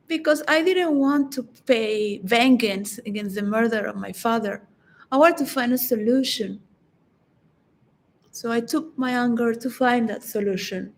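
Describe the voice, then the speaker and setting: A woman's voice: on the high side, measured pace, rough recording. A woman giving a reflective, philosophical solo monologue that rambles and halts, with frequent restarts. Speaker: vlogger.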